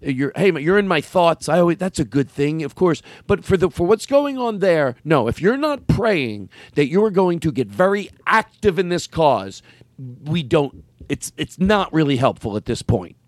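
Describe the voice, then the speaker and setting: A male podcast host with a fairly high voice that swings all over the place as he riffs, swears and jumps into quick impressions. The sound is dry and close, with faint music somewhere underneath. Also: dry recording. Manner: animated, swearing, riffing with impressions. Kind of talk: casual comedic chat.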